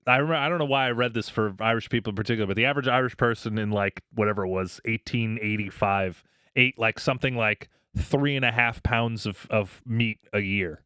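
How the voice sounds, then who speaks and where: A man's voice: on the low side, a little fast, smooth, no room sound, clean studio sound. A man co-hosting a podcast, chatting casually and ranting with heavy swearing and mocking quoted voices. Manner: profane, animated rants with mocking put-on quotes. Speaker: podcast co-host. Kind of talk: casual chat.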